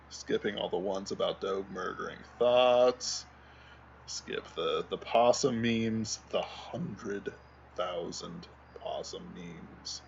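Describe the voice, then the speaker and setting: Speaking slowly in a low, gravelly voice, this livestream co-host chats casually and rambles as he searches for memes. The audio is lo-fi, with a bit of background noise.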